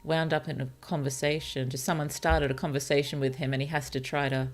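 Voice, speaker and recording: A woman streaming as a virtual author, thinking aloud about her novel in a hesitant, musing way, with many fillers and soft laughs. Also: low voice, level tone, a little fast, soft background music. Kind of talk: casual thinking-aloud livestream while writing.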